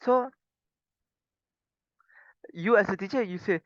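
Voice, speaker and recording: High-voiced young man presenting. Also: unhurried, long pauses, fairly bright tone, no echo. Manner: explains step by step with short examples, plain wording. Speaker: student presenter. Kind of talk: recorded class presentation. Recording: dull lo-fi, dry recording.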